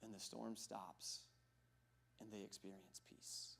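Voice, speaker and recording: A man's voice: mid-range voice, normal speed, slight background noise. A male pastor preaching a sermon in a church sanctuary, conversational and joking, asking the congregation questions.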